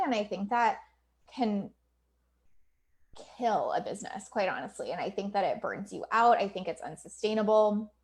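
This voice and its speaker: A woman in her thirties, a business coach, talking casually and candidly to her livestream community, filling her speech with likes and ums, swearing freely and laughing often. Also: medium pitch. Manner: filler-heavy with many likes and ums.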